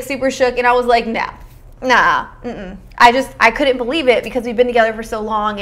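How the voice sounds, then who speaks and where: Young female beauty vlogger, slightly high voice, casual chatty delivery while doing makeup. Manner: chatty and informal, with lots of "like" and "you know" fillers and slang.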